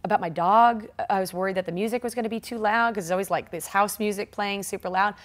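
A fast-talking woman in her forties with a mid-range voice shares a story as a triathlete guest in an informal interview. She laughs along the way and animatedly acts out quotes.

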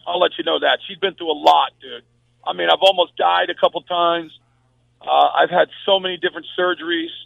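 A man's voice: sits high, gravelly, dry recording. An older man, a sports talk radio host, telling a personal story as a guest and repeating his words for stress. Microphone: phone call. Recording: tinny phone line, dry.

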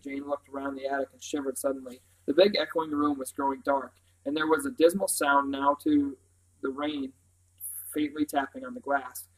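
A man's voice: mid-range voice, level tone, moderate pace, rough recording. A man reading a novel aloud in an unpolished way, stumbling now and then and correcting himself. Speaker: reader.

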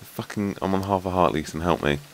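A man's voice: low-pitched, fairly quick, vocal fry, a little hiss or hum. A man playing a game with a friend, swearing a lot and raging at the enemies that keep killing him. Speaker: gamer. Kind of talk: casual gaming chat.

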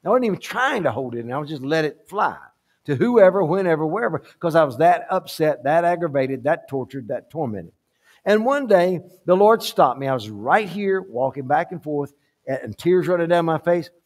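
A man preaching in a church sanctuary with a fairly high voice for a man. He leans on repeated phrases and swings between hushed asides and loud, emphatic peaks. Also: lively intonation, moderate pace. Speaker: pastor. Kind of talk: sermon.

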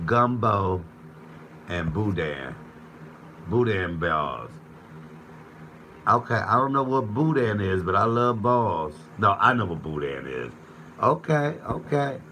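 Speaking in a fairly low, sharp-toned voice, a man streams himself cooking live in his home kitchen, reading comments aloud and joking freely with a chatty, playful manner. The audio is poor, with faint room ambience and slight hiss or hum.

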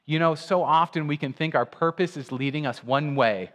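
A man giving a sermon as guest preacher, slow and reflective. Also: a little high, fairly bright tone, in a large hall. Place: church.

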